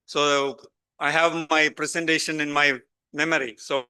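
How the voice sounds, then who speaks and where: A man's voice: a little high, level tone, a little slow, sharp tone, clear, resonant tone. A middle-aged man with an Indian English accent giving a conversational conference lecture, putting questions straight to his audience.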